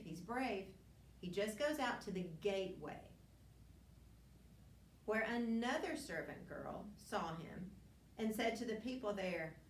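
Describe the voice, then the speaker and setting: A woman's voice: mid-range voice, lively intonation, slow pace, pauses often, a little hiss or hum. A woman teaching a Bible lesson, retelling scripture in an earnest storytelling way with frequent restarts and asides. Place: church classroom. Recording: roomy, distant mic with faint ambience.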